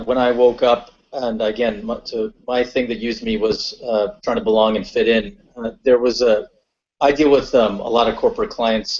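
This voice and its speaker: A man's voice: mid-range voice, a little mellow. A man on a webinar panel telling a personal story in a conversational way, with lots of fillers and restarts. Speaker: webinar panelist and corporate consultant. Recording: dull lo-fi webinar audio.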